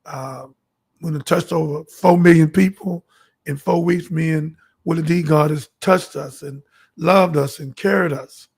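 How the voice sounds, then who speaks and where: A man talking straight to his audience in a high, gravelly voice with a husky edge. He preaches and tells stories with fervor, slipping into the voices of the people in them. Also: unhurried, a little mellow. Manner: fervent, storytelling, acts out dialogue. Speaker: show host. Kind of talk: preachy monologue to camera.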